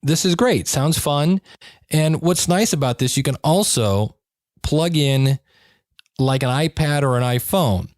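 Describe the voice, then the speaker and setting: A man's voice: a little high, expressive, unhurried, darkish tone, no echo, studio quality. A man hosting a podcast, demonstrating gear in a chatty, wry and upbeat way. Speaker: podcast host. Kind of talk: casual gear demo.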